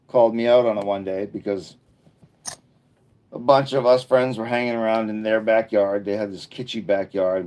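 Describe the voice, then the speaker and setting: A man's voice: lowish voice, mellow. A middle-aged man hosting a casual livestream, chatting with viewers in a rambling, earnest and encouraging way, with frequent restarts. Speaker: livestream host.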